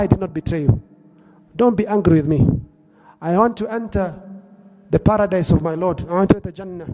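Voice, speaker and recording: A man voicing a dying devout woman bidding farewell to her husband, speaking softly and pleadingly. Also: high voice.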